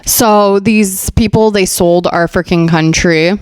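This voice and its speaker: A young woman from Afghanistan hosts a comedic podcast, chatty and sarcastic, with many "like"s and frequent laughs. Her voice is mid-pitched for a woman. It is recorded close and dry at home. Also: takes it slowly, a little mellow, clear, resonant tone, no echo. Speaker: podcast host.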